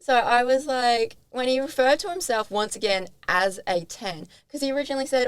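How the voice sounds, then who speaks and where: A woman's voice: on the high side, moderate pace, hardly any pauses, smooth, no echo. Australian young woman telling a date story. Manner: animated retelling, quoting both sides of a conversation. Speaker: podcast co-host. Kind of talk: casual storytelling chat.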